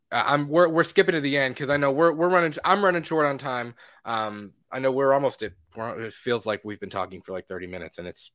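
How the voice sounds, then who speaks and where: Bright-voiced excited young man. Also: medium pitch. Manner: excited, quotes scenes with laughter. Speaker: podcast co-host. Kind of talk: casual movie review chat.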